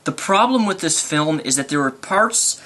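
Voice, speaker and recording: Excitable young man with a bright voice. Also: fairly high pitch, moderate pace. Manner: excitable, rambling, unscripted. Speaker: movie reviewer. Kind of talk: casual movie review vlog.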